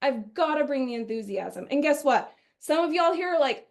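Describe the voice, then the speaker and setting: A high-pitched woman from Wisconsin leads a sales training webinar. She talks in a chatty, energetic way and often slips into quoting customers. She sounds middle-aged. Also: moderate pace.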